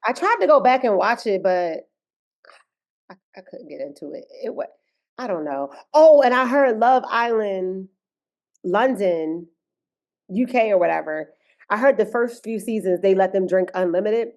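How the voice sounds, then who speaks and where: A woman's voice: mid-range voice, lively intonation, moderate pace, darkish tone, lo-fi sound. A woman co-hosting a podcast, chatting casually and playfully about a reality show, often laughing. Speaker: podcast co-host. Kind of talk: casual reality-TV recap chat.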